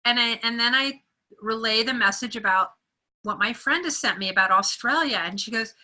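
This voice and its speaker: Bright, animated woman telling a story. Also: on the high side, normal speed, low-quality recording. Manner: animated storyteller who acts out quoted voices and laughs often. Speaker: meeting participant. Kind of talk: sharing a personal story in a group meeting.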